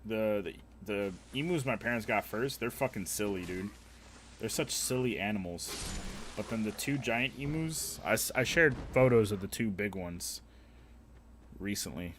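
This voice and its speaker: A man on a casual livestream rambles with frequent fillers and restarts, swearing heavily and joking crudely. His lowish voice is expressive and fairly bright, a little slow with long pauses, and slight background noise is present.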